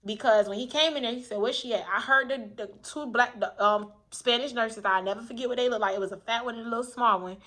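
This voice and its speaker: Woman talking to camera, bright clear voice, a bit high, candid and emphatic, keeps repeating stuff. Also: fast, hardly any pauses. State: coughing. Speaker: vlogger telling her own story. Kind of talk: casual storytelling.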